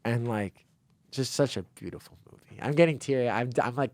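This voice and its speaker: An excitable young man co-hosting a college radio show. He tells stories in a rambling, animated way, and his voice sits in a middle range. The studio sound is dry and close. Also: medium pitch, fairly quick, dry recording. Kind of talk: casual chat. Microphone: studio microphone.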